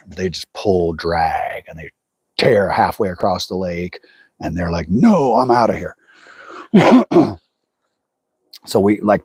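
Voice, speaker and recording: This fishing livestreamer speaks from an outdoor lake in a low, darkish voice with a breathy edge. Casual and folksy, he rambles, restarts words, and addresses his viewers directly, and the studio-quality audio has no echo.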